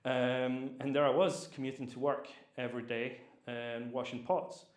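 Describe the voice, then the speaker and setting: A young Scottish man, born Polish, chats through his past in a loose and rambling way, full of fillers and restarts. His voice sits at a middling pitch. The room around him is echoey. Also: level tone, moderate pace. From Scotland. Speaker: private chef, guest. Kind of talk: casual storytelling interview.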